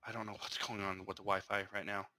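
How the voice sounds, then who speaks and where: A man's voice: on the low side, fast talker, rough recording. A young man co-hosting a casual podcast, rambling through stories with lots of stammers and restarts. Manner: rambling, stammering, animated retelling. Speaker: podcast co-host. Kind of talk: casual chat.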